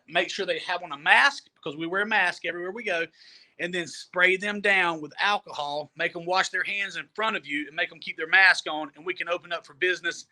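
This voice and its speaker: A man with a high, bright voice tells a long travel story in a loose, chatty way. He laughs easily and often repeats words as he goes. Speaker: storyteller guest. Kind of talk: casual storytelling. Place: Jamaica.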